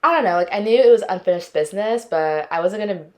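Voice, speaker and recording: With a mid-range voice and a quick pace, this podcast host, a woman in her twenties, tells dating stories in casual conversation. Her delivery is expressive and dramatic, and she acts out the quotes of the people involved.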